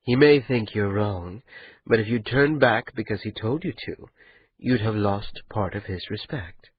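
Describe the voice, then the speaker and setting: A man reading an audiobook, voicing a calm, wry young pregnant woman speaking softly and teasingly to her lover. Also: fairly low pitch, unhurried, breathy edge, lo-fi sound. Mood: hushed.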